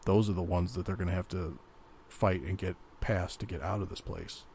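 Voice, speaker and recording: A man's voice: deep voice, fairly even intonation, normal speed, vocal fry, a little mellow, a little hiss or hum. A man co-hosting a comic-book podcast in casual chat, explaining his points at length. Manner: explanatory, rambling with restarts. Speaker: podcast co-host.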